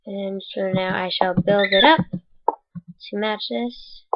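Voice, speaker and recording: A woman's voice: mid-range voice, fairly even intonation, slow pace. A woman casually narrating a game building tutorial in voice-over, rambling and correcting herself as she goes, with the hiccups. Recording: dull lo-fi mic.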